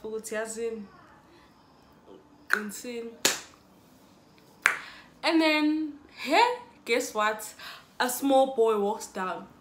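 A woman's voice: fairly high pitch, echoey room, slight background noise. A young South African woman telling a dramatic storytime to her viewers. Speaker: YouTuber. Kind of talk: storytime vlog.

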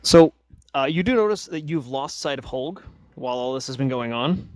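A man narrating a tabletop role-playing game as game master, relaxed and loose, with many "uh" fillers. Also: mid-range voice, normal speed, no echo, poor audio.

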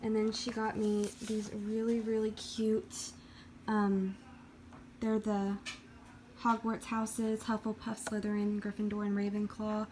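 Woman book vlogger, gushing casual chat, even pitch, noisy background. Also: a little slow. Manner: chatty, gushing. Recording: background noise.

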